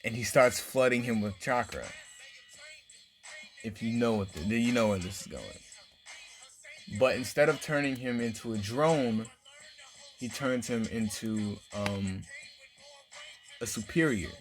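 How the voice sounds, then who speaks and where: A man's voice: mid-range voice, measured pace, pauses often, soft background music. A man casually narrating a fan-made story, rambling with lots of filler words.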